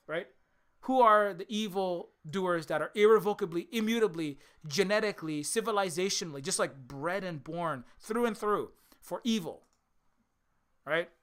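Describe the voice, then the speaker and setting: Guy ranting on his channel, bright crisp voice, sarcastic rhetorical questions, lots of swearing. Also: high-pitched. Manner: swears often. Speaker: video essayist. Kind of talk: ranting commentary.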